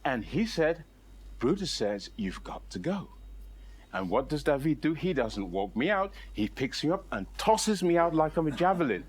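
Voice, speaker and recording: A man tells a comic personal story to a live audience. His voice sits a little high for a man, and he delivers it in a playful, self-mocking and animated way. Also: moderate pace, few pauses, breathy edge.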